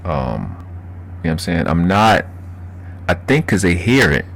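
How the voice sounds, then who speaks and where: A man's voice: deep voice, very animated, measured pace, gravelly, a bit bright, a little hiss or hum. A man from Baltimore with a Baltimore accent, chatting casually and profanely on a livestream while answering chat. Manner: loose, profane, laughing, reading chat aloud. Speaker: livestream host.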